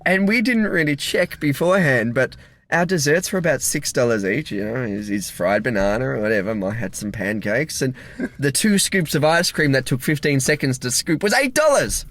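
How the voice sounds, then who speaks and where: A man's voice: medium pitch, animated, moderate pace, fairly bright tone. A young man co-hosting a casual comedic chat in a car, telling stories with mock-serious jokes. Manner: joking, storytelling, mock-serious. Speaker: podcast co-host. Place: inside a car.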